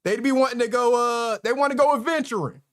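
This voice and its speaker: A man's voice: extremely high pitch, fast talker. A man hosting a casual livestream chat, laid-back and chuckling often as he talks to viewers. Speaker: livestream host.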